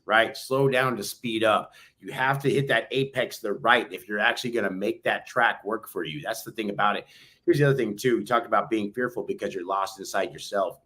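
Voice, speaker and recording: A man's voice: fairly low pitch, bright, forceful tone. A man co-hosting a motivational podcast, talking emphatically and repeating his points like a pep talk. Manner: emphatic, preachy, repeats phrases. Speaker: podcast co-host.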